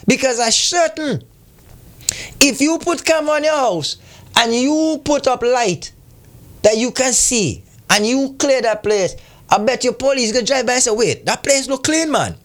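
A man's voice: extremely high pitch, moderate pace, a bit bright. A man giving impassioned community commentary, scolding his listeners with rhetorical questions.

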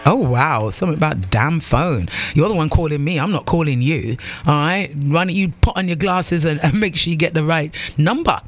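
A woman's voice: low-pitched, animated, moderate pace, hardly any pauses. A woman hosting a call-in radio show, chatty and loose, with many fillers and restarts. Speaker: radio talk show host.

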